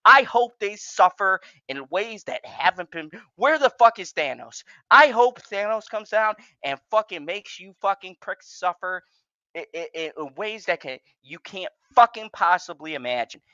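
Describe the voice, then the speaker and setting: A man's voice: high voice, lively intonation, normal speed, no echo, highs cut off. A man hosting a show, ranting in an angry, profane, agitated way and stumbling over his words when worked up. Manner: furious, profane and shouting-heated, stammers when worked up. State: agitated, racing heart. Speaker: show host.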